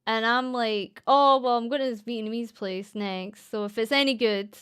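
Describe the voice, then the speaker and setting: Scottish woman, young, rambling casual chat, slightly high voice, smooth clear tone. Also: fairly even intonation, moderate pace, a bit bright. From Scotland. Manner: rambling and chatty, lots of fillers and giggles. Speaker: streamer and voice actress.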